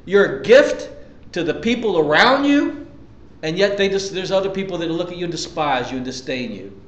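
A man's voice: sits high, sing-song, moderate pace, a bit bright, reverberant. A man preaching a sermon as a pastor, talking conversationally with emphatic repetitions and rhetorical questions to his listeners.

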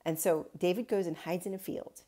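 A woman's voice: on the low side, steady tone, a little fast, mellow. A woman pastor giving a casual daily Bible reflection, retelling the story in a chatty way with wry asides.

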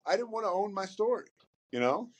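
A man talking casually as a podcast guest, animated and rambling, often repeating words as he starts a thought. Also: high voice, fairly quick, breathy edge. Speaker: podcast guest, sports broadcaster. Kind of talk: casual conversation.

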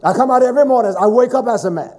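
A man preaching a sermon in a fervent, emphatic way, with sudden shouted stresses. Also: very high voice, rapid-fire.

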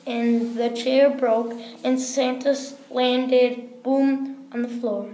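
A woman reading a children's story aloud in a careful, unhurried way. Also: high-pitched. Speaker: storybook reader. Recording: roomy echo.

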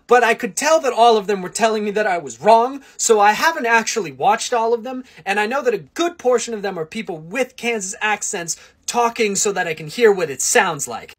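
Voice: mid-range voice, husky. A creator in their twenties from the US West Coast, ranting casually and comically, swearing often and poking fun at themselves. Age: 20s. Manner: animated, swears often, self-deprecating. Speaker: TikTok creator. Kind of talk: casual comedic opinion rant.

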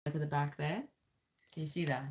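A woman's voice: sits low, steady tone, fairly quick. A woman hosting a casual band livestream, joking crudely and reading viewer comments aloud.

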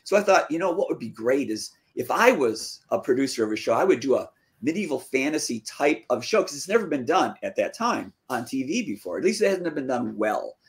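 Male author telling his story animatedly. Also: a little fast. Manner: lively, acts out quoted dialogue with pitch jumps. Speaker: fantasy author, interview guest. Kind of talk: casual storytelling.

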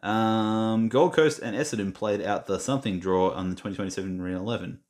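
A man's voice: lowish voice, fast talker, darkish tone. A young Australian man chatting casually while reading quiz questions aloud, muttering and mocking himself. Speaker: gaming vlogger. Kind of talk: casual screen-recorded commentary.

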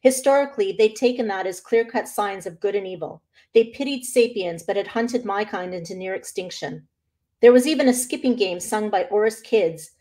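An author, a woman, reading her own novel aloud in an expressive first-person narration. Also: mid-range voice, moderate pace.

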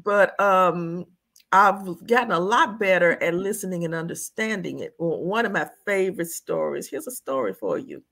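This is a woman from the United States chatting as a guest. Her voice sits low, with a gravelly, husky texture. She tells stories in a lively way and laughs often. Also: normal speed. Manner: animated storyteller, laughs often. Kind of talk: casual conversation, storytelling.

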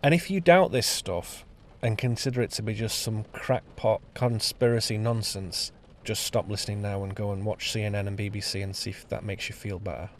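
A man's voice: fairly low pitch, normal speed, slight background noise. A man giving an improvised spoken-word essay on his podcast, emphatic and sardonic, hammering out lists word by word. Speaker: podcast host and author. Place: on location.

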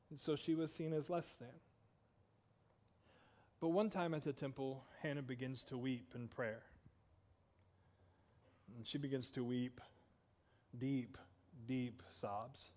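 A man's voice: mid-range voice, fairly even intonation, slow, pauses often, darkish tone, big-room sound. A man preaching a sermon in a church, conversational, with asides to the congregation. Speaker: pastor. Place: church sanctuary.

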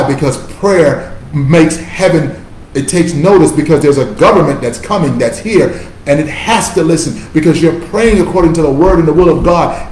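A man's voice: on the high side, a little mellow, reverberant, a little hiss or hum, rough recording. A male pastor preaching a sermon in an emphatic, conversational style, calling on listeners to repeat after him.

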